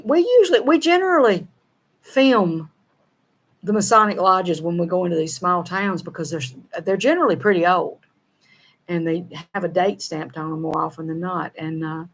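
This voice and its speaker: A middle-aged woman from the Southern United States, with a Southern American accent, co-hosts a show and reads viewer comments in casual chat. Her voice is on the low side at a moderate pace, folksy, laughing often and running words together.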